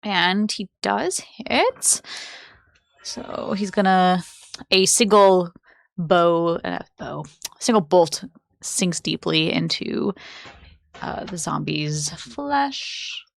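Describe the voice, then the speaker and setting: Female game master, laid-back chatty narration, slow delivery. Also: lowish voice, gravelly. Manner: relaxed, chatty narration with fillers and laughs.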